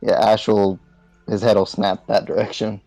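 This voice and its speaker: A man playing in a tabletop game, explaining things slowly with fillers. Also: on the low side, level tone, gravelly, dark tone, dry recording, dull audio, faint music behind. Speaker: player. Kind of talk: casual tabletop game talk.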